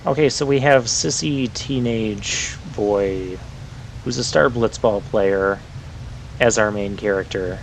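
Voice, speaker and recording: A man's voice: fairly low pitch, takes it slowly, vocal fry, a little hiss or hum. A man hosting a let's play, chatting casually and wryly about the game, with a lightly sarcastic edge. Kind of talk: casual gameplay commentary. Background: game music.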